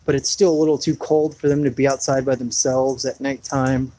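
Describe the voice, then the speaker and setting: A man's voice: medium pitch, little pitch movement, brisk, mellow, a little hiss or hum, poor audio. A man rambling through a laid-back live chat outdoors in his rainy backyard, full of fillers. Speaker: homesteading vlogger.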